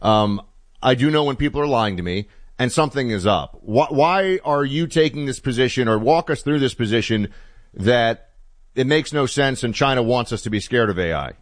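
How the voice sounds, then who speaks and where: A man's voice: mid-range voice, lively intonation, moderate pace, no room sound. A male talk show host with a mid-range voice, casual and opinionated, circling around before asking his question. The recording is dry and close. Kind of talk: political talk show interview.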